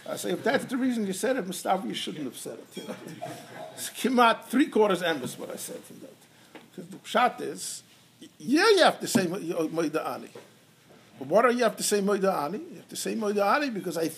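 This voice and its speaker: A man giving a Torah lecture in English, animated, peppered with Hebrew and Yiddish terms and telling stories with quoted dialogue. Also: high voice, brisk, vocal fry, a little hiss or hum. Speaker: rabbi teaching halacha.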